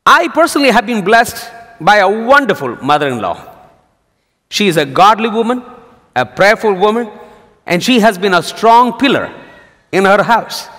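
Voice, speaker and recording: A male pastor preaching a sermon, telling jokes as a lively storyteller. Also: high voice, normal speed, long pauses. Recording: long hall reverb.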